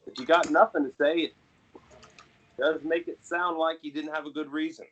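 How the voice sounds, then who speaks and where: A man's voice: fairly high pitch, fairly even intonation, moderate pace, fairly bright tone, muffled recording. A man voicing a suspicious male city guard who questions a suspect in a probing, coaxing way and calls him sir.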